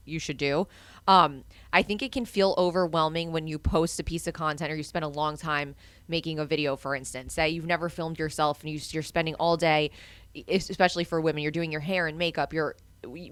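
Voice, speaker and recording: Low-voiced woman co-host giving earnest advice. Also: a bit bright, clear, resonant tone, no room sound. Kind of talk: casual podcast chat.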